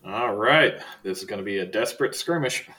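A man narrating a tabletop role-playing game as game master, casual and halting, with many fillers. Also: fairly low pitch, animated, bright, forceful tone, low-quality recording.

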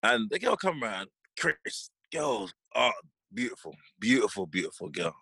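A man co-hosting a podcast, animated and joking as he tells a story. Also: on the low side, moderate pace, slightly rough, dry recording. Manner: animated storyteller, voice jumps up when laughing. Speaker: podcast co-host. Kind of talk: casual banter.

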